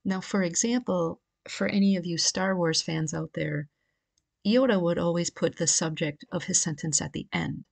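A woman's voice: fairly low pitch, normal speed, gravelly. A woman giving a recorded grammar lecture, explaining patiently and reading through the cases from a grammar book. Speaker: Greek grammar teacher. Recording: questionable home audio.

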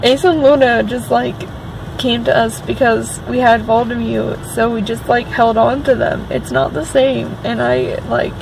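A gravelly, fry-heavy woman chats into her phone from a parked car. She rambles excitably, stacking fillers as she talks. Car and air-conditioning hum fills the background. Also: fairly high pitch, measured pace. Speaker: vlogger. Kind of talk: casual chatty vlog. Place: parked car outside a store.

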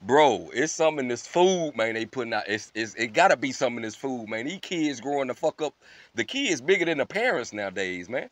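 A man hosting a reaction channel, chatting casually and directly to his viewers with slangy, profane, animated talk and frequent laughter. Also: mid-range voice, a little fast, no room sound. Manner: addresses viewers as family. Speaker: reaction video host.

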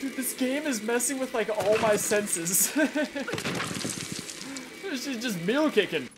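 A gamer narrating a first-look playthrough, excitable and jokey, yelping and swearing at every scare. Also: mid-range voice, slow pace, background noise. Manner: jokey running banter with the viewer. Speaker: gameplay commentator. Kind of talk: let's-play commentary. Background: game music.

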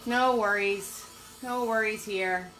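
A woman's voice: medium pitch, steady tone, slow pace, a bit bright, faint music behind. An older woman giving a live painting lesson, upbeat, chatty and encouraging. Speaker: painting instructor.

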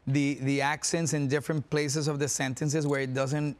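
Animated man telling stories on a talk show. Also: a little high, moderate pace. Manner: animated storyteller, laughs often, restarts sentences. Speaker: guest actor. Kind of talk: casual talk-show interview.

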